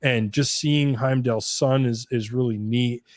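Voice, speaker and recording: A man co-hosting a live stream movie discussion, speaking in an easygoing, halting way with restarts. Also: mid-range voice, fairly even intonation, no room sound, clean studio sound. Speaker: podcast co-host.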